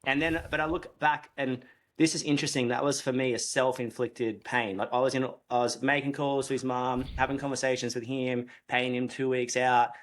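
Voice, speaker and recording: A man's voice: medium pitch, little pitch movement, moderate pace. A man hosting a casual interview, reflective and conversational as he shares his own hiring stories. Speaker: host, business coach.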